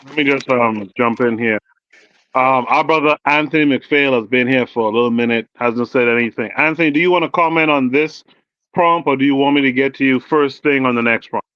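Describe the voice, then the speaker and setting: A man hosting a panel talk show, calmly moderating and reading out chat comments. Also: medium pitch, no room sound, lo-fi sound. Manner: calm, measured, reads chat comments.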